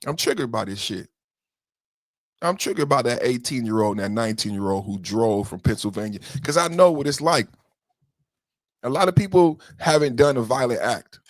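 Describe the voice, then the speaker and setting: A man's voice: mid-range voice, a little fast, no room sound. A man hosts a podcast in heated livestream commentary, emotional and profane. He circles back on his points and speaks straight to commenters. The sound is close and dry with no room in it. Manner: emotional, profane, repeats himself, talks straight to chat commenters. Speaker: podcast host.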